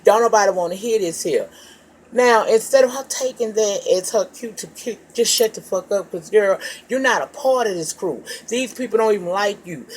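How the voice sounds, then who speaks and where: A woman's voice: mid-range voice, moderate pace, a little mellow, slight background noise. Woman, show recap, gossipy chat, heavy swearing, mid-range voice, calls listeners child and baby. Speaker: TV reality show reviewer.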